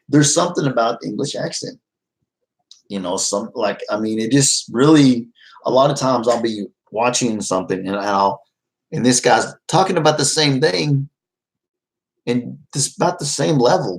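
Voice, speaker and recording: A man's voice: mid-range voice, vocal fry, poor audio. A man chatting casually with his live-stream viewers, easygoing and rambling, often laughing. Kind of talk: casual livestream chat.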